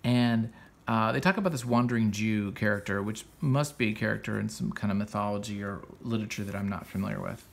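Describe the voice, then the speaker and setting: A man's voice: lowish voice, fairly even intonation, a little fast, creaky. A man hosting a comics podcast, casually retelling a story in a loose, rambling way full of fillers and self-corrections.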